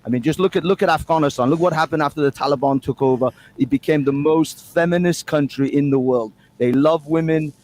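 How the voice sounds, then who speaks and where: A man's voice: fairly high pitch, a little fast, few pauses, a little mellow. A man appearing as a guest on a live show, mock-earnest and provocative in his trolling banter.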